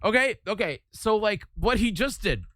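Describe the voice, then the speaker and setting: A man chatting on a live stream in a bright, fairly high voice, rambling, restarting sentences and laughing easily. The sound is close and dry, with no room echo. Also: animated, normal speed. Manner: rambling, stammering, easily amused. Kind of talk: casual live-stream chat.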